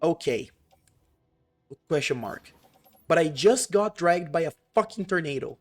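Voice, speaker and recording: A man giving casual, excitable reaction commentary on a video game, swearing often and reading his own notes aloud. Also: a little high, measured pace. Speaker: gaming vlogger.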